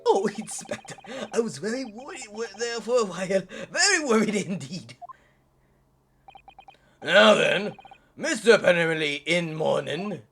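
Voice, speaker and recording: A man voicing a pompous, genteel gentleman detective in a video game. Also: high voice, animated, a little slow, vocal fry, husky, full character voice. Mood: relieved.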